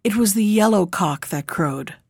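A woman voicing a kind young man, a witch's son, who speaks in a hushed whisper in a storybook reading. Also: mid-range voice, lively intonation, normal speed, no room sound, clean studio sound. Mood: gentle. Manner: hushed whisper through a wall.

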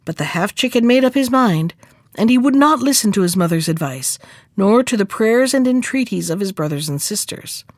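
A woman narrating a fairy tale in an expressive storybook manner, close to the microphone. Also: medium pitch, normal speed, no room sound.

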